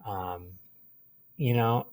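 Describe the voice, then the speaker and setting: A man's voice: medium pitch, extremely slow, a little mellow, slight background noise. A male teacher patiently walking students through a writing task step by step, with frequent fillers. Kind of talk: classroom instruction.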